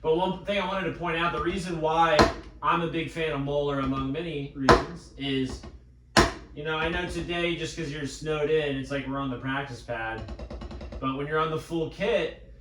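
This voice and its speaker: A man with a slightly high voice runs a drum lesson, calling out taps and accents as he coaches. He sits back from the mic in an echoey room. Loud noise runs under him the whole time. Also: steady tone, normal speed, distant mic. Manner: coaching, counting strokes aloud. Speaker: drum teacher. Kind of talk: live practice pad lesson.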